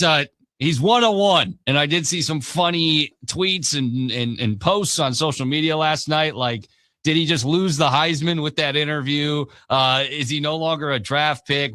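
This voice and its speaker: Bright-voiced sports radio host, dry studio. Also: male voice, fairly high pitch, no room sound. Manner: casual, opinionated, quick asides. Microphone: studio mic.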